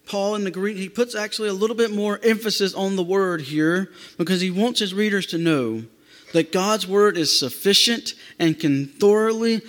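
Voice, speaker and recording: A pastor with a strikingly high male voice preaches an emphatic sermon, hammering points home through repetition. Long reverb surrounds his voice, as if in a church sanctuary.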